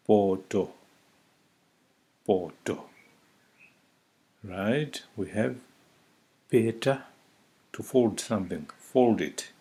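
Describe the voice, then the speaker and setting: A man teaching a vocabulary lesson, saying each word slowly and repeating it several times for the listener. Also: on the low side, mellow. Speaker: language teacher. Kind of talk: slow spoken vocabulary lesson.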